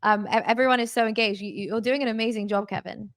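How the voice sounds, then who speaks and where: A woman's voice: a little high, fairly even intonation, fast. A woman guest in casual talk, speaking emphatically with strings of rhetorical questions.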